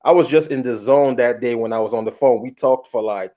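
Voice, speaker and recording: A man telling a long personal story in a casual, candid and animated way, acting out the quotes. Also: medium pitch, brisk. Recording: muffled lo-fi audio.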